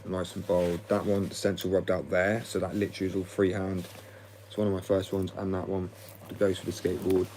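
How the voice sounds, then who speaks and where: In a rough recording with a faint hiss or hum, a young man speaks a little fast in a low, darkish voice that barely moves in pitch. He runs a skateboard company and tattoos for fun, and he rambles casually through an interview about both, leaning on "like" and swearing bluntly.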